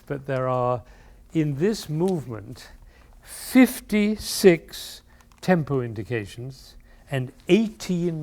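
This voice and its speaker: A man leading a music masterclass, expressive and playful, singing phrases aloud to show how they should go. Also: medium pitch, gravelly. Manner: playful asides. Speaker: music teacher leading an interpretation class. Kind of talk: masterclass coaching.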